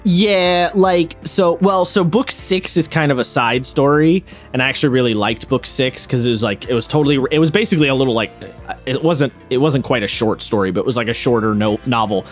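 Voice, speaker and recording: A man's voice: medium pitch, fairly quick, soft background music. A man co-hosting a podcast in casual chat, rambling and wry, often breaking off mid-thought. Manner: rambling, self-interrupting, wry. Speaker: podcast co-host.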